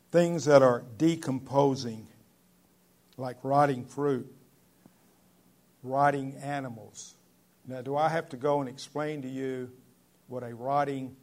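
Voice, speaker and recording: A man preaches a sermon in a conversational, earnest manner. His voice is mid-pitched with a gravelly edge. Now and then he hits a key word with sudden loud emphasis. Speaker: pastor.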